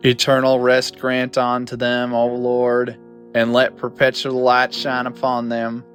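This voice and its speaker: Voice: mid-range voice, monotone, a little slow, a bit bright, soft background music, natural voice. A performer voicing a priest reciting a solemn funeral prayer. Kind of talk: fan machinima voice acting.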